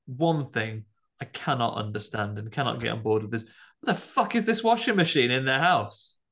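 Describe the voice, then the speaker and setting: A man co-hosting a podcast in casual chat, animated and jokey, with high outbursts. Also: normal speed. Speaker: podcast co-host.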